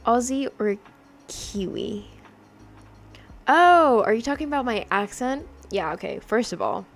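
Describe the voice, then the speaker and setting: A woman's voice: mid-range voice, lively intonation, moderate pace, gravelly. A young woman livestreaming her digital drawing, chatting casually and rambling with lots of fillers and laughs, her accent drifting in a mix of mimicked accents.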